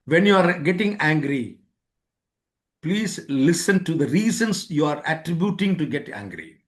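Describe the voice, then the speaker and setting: Speaking unhurriedly with lively intonation, this life-skills webinar lecturer has a voice on the high side, heard through a remote webinar mic. He's repetitive and plays both parts in everyday conversations.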